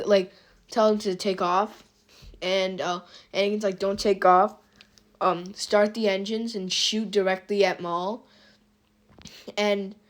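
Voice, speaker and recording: Chatty woman retelling a fan story. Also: medium pitch. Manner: chatty and rambling, with fillers and restarts. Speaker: YouTube storyteller.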